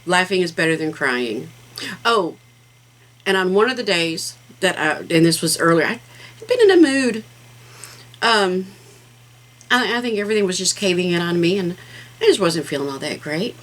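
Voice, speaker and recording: A woman's voice: fairly low pitch, animated, a little slow, long pauses, fairly bright tone, rough recording. A middle-aged woman hosting a casual craft vlog, talking in a rambling, heartfelt way with plenty of fillers. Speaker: craft channel host.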